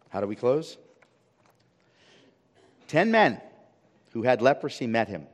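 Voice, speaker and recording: A male pastor of middle pitch delivers an impassioned sermon, swinging between loud emphatic peaks and hushed, low pleading. He keeps pressing the congregation with rhetorical questions. His voice rings with the long reverb of a church sanctuary. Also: sing-song, takes it slowly, long pauses.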